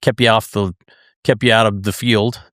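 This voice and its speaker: A man's voice: lowish voice, steady tone, normal speed, a bit bright, no echo, clean studio sound. A man hosting a podcast, asking a guest thoughtful questions with a few hesitations. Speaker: podcast host. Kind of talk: interview questions.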